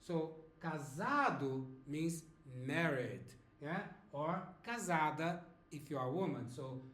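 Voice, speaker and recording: A man's voice: fairly high pitch, lively intonation, fairly bright tone, reverberant. A man in his fifties from Brazil with a Brazilian Portuguese accent, teaching a beginner language lesson patiently. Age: 50s. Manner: slow, patient, checks in with "okay?".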